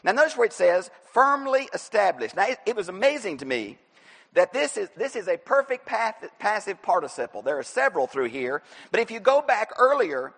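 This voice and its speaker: A high-voiced man preaching in a church, his pitch leaping all over as he teaches and exhorts. He is emphatic and animated and now and then bursts into a shout. A long hall reverb trails every word. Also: a little fast, breathy edge. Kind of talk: expository sermon.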